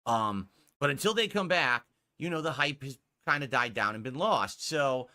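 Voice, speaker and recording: A man's voice: mid-range voice, expressive, normal speed, pushed and bright. A male streamer talking to his viewers, rambling and hedging, pleading for support.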